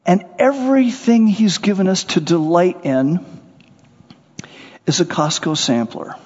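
A man preaching a sermon, animated, acting out little scenes and voices as he goes. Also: high voice, unhurried, breathy edge. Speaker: pastor. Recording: muffled sound with long hall reverb.

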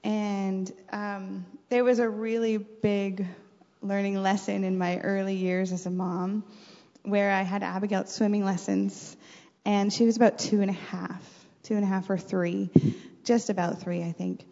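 Gravelly-voiced middle-aged mother, reflective. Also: medium pitch, unhurried. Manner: earnest, faith-centered, animated when retelling. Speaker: mother and podcast guest. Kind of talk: reflective personal storytelling. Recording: dull recording with long reverb.

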